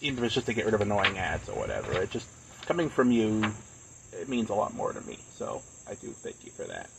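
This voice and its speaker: A man's voice: on the low side, wildly swooping pitch, fast talker, gravelly, background noise. A man chatting casually on a live stream, rambling and earnest, with plenty of fillers.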